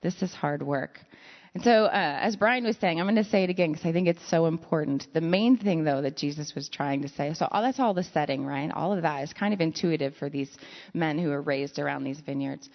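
A woman's voice: low voice, fairly quick. A woman preaching a conversational sermon, telling stories with self-deprecating asides. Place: church sanctuary. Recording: lo-fi sound in a reverberant hall.

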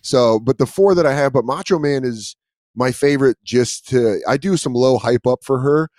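A man hosting a casual chat, telling animated stories with casual swearing. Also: medium pitch, moderate pace, no echo, clean studio sound. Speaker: podcast host.

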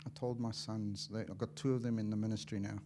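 A man preaching a sermon as an evangelist, impassioned and swinging from loud to hushed, acting out little dialogues as he tells stories. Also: lowish voice, flat delivery, fast talker, background noise. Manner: acts out dialogue in storytelling.

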